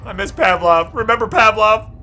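A man's voice: high-pitched, moderate pace, sharp tone, a little hiss or hum. A man streaming a horror game, screaming often and blurting silly minced curses between goofy play-voices. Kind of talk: live gameplay commentary.

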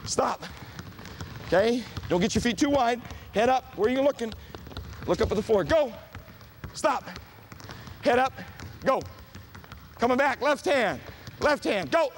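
A middle-aged man coaching a youth basketball clinic in a gym, calling out short, brisk commands to the players. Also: very high voice, lively intonation, a little hiss or hum. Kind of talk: coaching drills on court.

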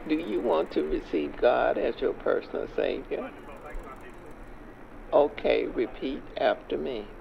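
A man's voice: on the high side, lively intonation, a little slow, gravelly, heavily acted. A man playing an earnest street preacher in a music video skit, solemnly leading a young man through a prayer, recorded on a dull lo-fi track outdoors with faint noise.

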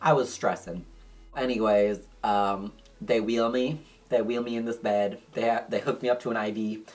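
A man vlogging to camera, telling a personal story in a casual, profane, animated way and acting out the dialogue. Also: on the low side, normal speed.

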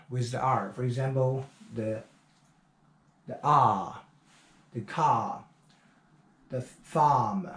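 Slow, drilling male pronunciation teacher. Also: mid-range voice, roomy sound. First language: Chinese. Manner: repeats words slowly, many drawn-out fillers.

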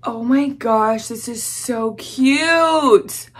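Slow-talking, gushing young Southern woman. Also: fairly high pitch, slightly rough. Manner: gushing, gasping, breathless excitement. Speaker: vlogger. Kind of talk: unboxing vlog.

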